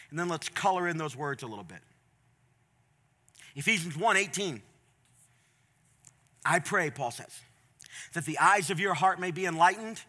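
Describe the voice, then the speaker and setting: A man preaching a sermon in a conversational, folksy way, moving between quiet asides and loud, emphatic points. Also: high voice. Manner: folksy, plain-spoken. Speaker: pastor.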